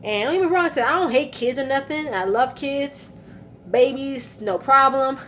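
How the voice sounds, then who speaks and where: Young woman, car vlog, casual chatty storytelling, a bit breathless, slightly high pitch, phone camera sound. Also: moderate pace, a bit bright, slight background noise. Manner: chatty, laughs often, lots of fillers. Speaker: vlogger.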